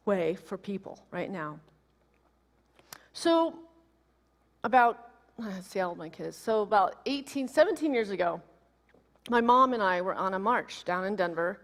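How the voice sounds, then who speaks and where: A woman minister in her forties giving a sermon, telling a personal story in an animated, emotional way. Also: mid-range voice. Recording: long reverb of a large hall.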